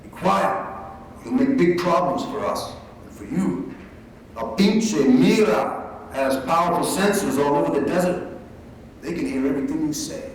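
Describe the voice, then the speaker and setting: A man's voice: high voice, moderate pace, long pauses, a little hiss or hum, natural voice. A slick, wheedling smuggler speaks in a raised, coaxing voice, as a man reads him aloud. The sound rings through a large hall with long echo and distance from the mic. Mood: hushed. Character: smooth-talking male people smuggler, wheedling. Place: large library event hall. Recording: echoey hall, mic from far off.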